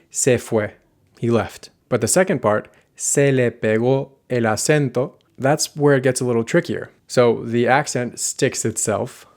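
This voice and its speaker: Explaining grammar clearly and one step at a time, a male language teacher slows down when giving example sentences. His voice is medium in pitch and a little mellow.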